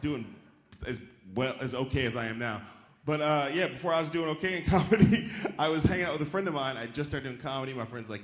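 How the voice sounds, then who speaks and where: A man's voice: mid-range voice, fast. A man doing a stand-up comedy set on a theater stage, talking casually and riffing with the audience, now and then mimicking chirpy voices. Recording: roomy live hall with faint crowd noise. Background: audience laughter.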